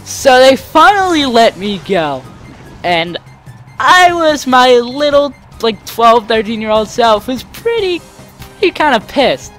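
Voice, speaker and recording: A man's voice: extremely high pitch, slow pace, soft background music. A young man hosting a let's play, rambling animatedly through a story and acting out the people in it. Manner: rambling, animated, acts out the people in his stories. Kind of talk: casual storytelling over gameplay.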